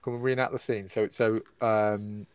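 A man's voice: fairly low pitch, fairly even intonation, normal speed, clean tone. A man co-hosting a casual comedic movie podcast, teasing and mock-sarcastic, swearing freely. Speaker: podcast co-host.

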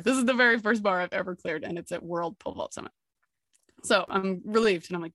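Woman, podcast host, personal storytelling, excitable, laughs a lot, dry sound. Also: medium pitch, brisk, no echo. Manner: excitable, laughing often, acting out dialogue.

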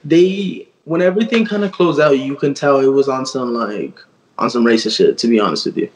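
A man's voice: medium pitch, lively intonation, fairly quick, low-quality recording. A young man in his twenties, a guest artist telling a story in casual, slang-heavy speech full of fillers and quoted dialogue.

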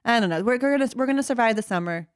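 A woman in her thirties co-hosting a podcast, chatting fast and poking fun at herself. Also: fairly high pitch, lively intonation, clear, resonant tone, no echo, studio quality. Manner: chatty, fast, self-mocking. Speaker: podcast co-host. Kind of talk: casual chat.

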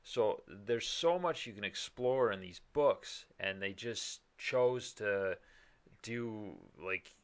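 A man's voice: lowish voice, slow, smooth. A man in casual chat, rambling with many restarts and the odd swear word.

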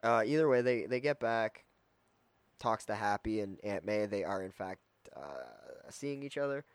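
A man giving a casual, rambling movie review, full of fillers and quick acted-out quotes. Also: fairly low pitch, expressive, smooth, no echo. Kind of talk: casual spoken film review.

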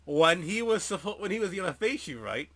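A man's voice: sits high, very animated, a little fast, fairly bright tone. A young man chatting casually and rambling, teasing his friend and laughing often. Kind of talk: casual chat.

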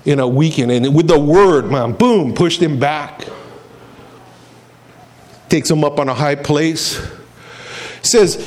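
A man's voice: a little high, takes it slowly, pauses often, darkish tone. A male preacher giving an emphatic, storytelling sermon.

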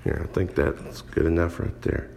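A man's voice: low-pitched, level tone, normal speed, gravelly, a little mellow, a little hiss or hum. A man preaching a sermon in a church hall, earnest and emphatic, drawing out phrases as he reads scripture.

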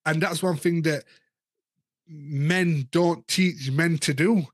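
A man's voice: on the high side, slow, dry recording, clean studio sound. A man in his thirties or forties, a guest in casual candid chat, talking frankly and rambling, often repeating words as he thinks.

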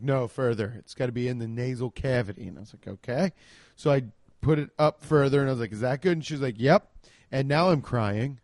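A man's voice: mid-range voice, darkish tone, no room sound, clean studio sound. A young man hosting a podcast, telling a rambling, self-deprecating comic story and swearing freely. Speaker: podcast host. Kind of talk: casual comedic storytelling.

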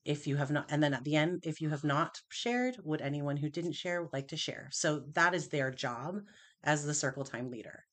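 A woman's voice: low voice, moderate pace. A woman teacher in a casual chat, steadily explaining how her classroom works.

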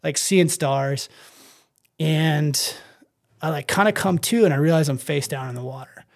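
A man's voice: a little high, a little slow. A man telling his own story in a casual interview, rambling with many fillers and acting out his own thoughts. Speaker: guest.

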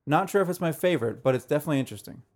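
A man's voice: a little high, animated, rapid-fire, darkish tone. A man co-hosting a casual podcast, describing beers and albums in an easygoing way, full of "like" fillers. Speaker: podcast co-host. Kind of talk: casual chat reviewing beer and music.

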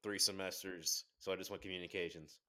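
Low-voiced young man, relaxed chat. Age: young adult. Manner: relaxed, halting restarts, casual swearing. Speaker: college football player. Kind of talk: casual chat.

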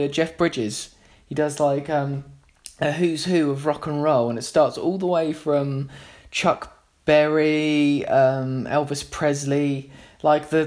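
A man's voice: fairly high pitch, darkish tone. Rambling man telling stories. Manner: rambling, many fillers and restarts. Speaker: musician. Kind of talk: casual anecdotal storytelling.

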